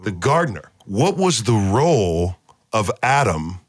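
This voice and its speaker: A man with a fairly low voice leads a relaxed Bible study, often pausing to quiz his listeners and echoing their answers back. The sound is close and dry, with no room around it. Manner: quizzes the group with questions and repeats key words. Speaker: Bible teacher leading discussion. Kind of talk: casual Bible study podcast.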